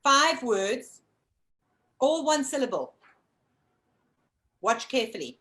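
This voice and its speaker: A woman's voice: high voice, big pitch swings, slow pace, pushed and bright, rough recording. A woman co-hosting a casual online lip-reading game, coaxing viewers to guess over a video call. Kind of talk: casual live-stream game chat.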